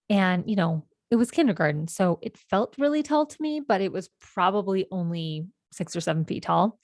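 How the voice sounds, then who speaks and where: A woman's voice: fairly low pitch, gravelly, dry recording, clean studio sound. Reflective woman in her forties telling stories. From California. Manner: meandering, reflective, gentle self-corrections. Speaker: podcast host. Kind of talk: reflective personal storytelling.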